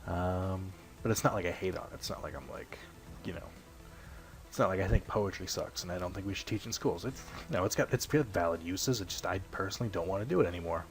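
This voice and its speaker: A young man with a low, deep voice chatters loosely over a game he is playing. He wanders off topic, swears casually and pokes fun at himself, clearing his throat every so often. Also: quick pace, soft background music. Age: young adult. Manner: rambling, self-deprecating, swears casually. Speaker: let's play host. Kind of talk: casual gameplay commentary.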